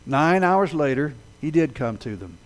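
Animated, dramatic male preacher. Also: unhurried. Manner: dramatic storytelling delivery, swelling loud then dropping low. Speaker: pastor. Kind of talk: sermon.

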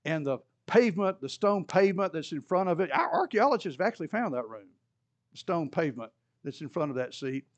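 A fairly quick, sing-song male voice comes through with lo-fi sound quality. In a conversational Bible study lesson, he now and then voices the people in the story, pushing his pitch up for their quotes.

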